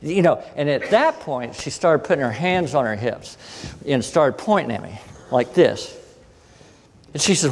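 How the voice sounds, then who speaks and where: A man giving a storytelling lecture as a guest speaker, animated and acting out the voices of people he quotes. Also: medium pitch, moderate pace. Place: conference hall. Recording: long hall reverb.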